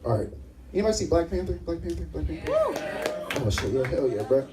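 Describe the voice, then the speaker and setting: A young comedian's voice, a little high and fairly quick, comes through a distant mic over loud music in this low-quality recording. He's doing stand-up at a live venue, animatedly telling stories and performing the voices of others.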